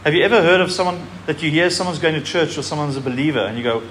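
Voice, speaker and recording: Animated male pastor preaching. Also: on the high side, very fast, a little hiss or hum. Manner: animated preaching, reads scripture aloud with emphasis. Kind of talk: sermon.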